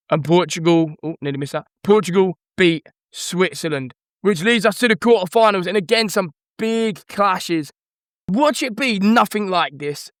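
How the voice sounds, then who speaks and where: A man muses aloud as he works through football predictions, listing team names and hedging his picks. His voice sits a little on the high side. The recording is close and dry, with no room sound. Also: dry recording. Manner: musing, hesitant, rattles off lists of team names. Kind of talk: casual thinking-aloud commentary.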